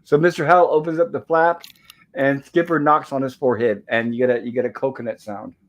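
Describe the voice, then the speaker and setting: A man's voice: medium pitch, steady tone, brisk, muffled recording. A man hosting a casual review show from home, retelling a TV episode in a loose, rambling way, often chuckling and repeating "and of course.". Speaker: host recapping a TV episode.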